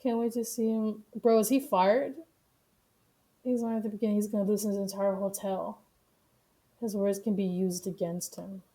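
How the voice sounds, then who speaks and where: A woman streaming live and reacting to news clips in a loose, casual way. She talks bluntly and swears freely, laughing easily between remarks. Her voice sits at an ordinary middle pitch. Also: fairly even intonation, mellow. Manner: profane, blunt, quick to laugh.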